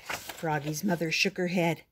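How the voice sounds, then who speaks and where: An older woman reading a children's picture book aloud as a storyteller, slow and expressive. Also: sits low, noisy background.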